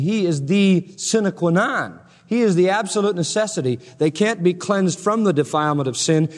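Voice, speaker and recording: High-voiced preacher man in a reverberant hall. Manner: dramatic, swings from loud proclamation to hushed emphasis. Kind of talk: expository sermon.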